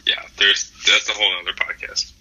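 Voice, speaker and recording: Swearing man telling a story, bright tone. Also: on the low side, flat delivery, brisk, a little hiss or hum, rough recording. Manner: swears often, rambling with fillers. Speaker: podcast co-host. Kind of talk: casual chat, profane storytelling.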